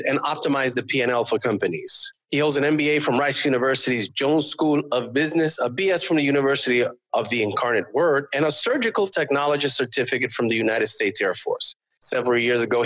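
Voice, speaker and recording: A man co-hosting an interview podcast, upbeat and quick to laugh. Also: mid-range voice, a bit bright. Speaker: podcast co-host.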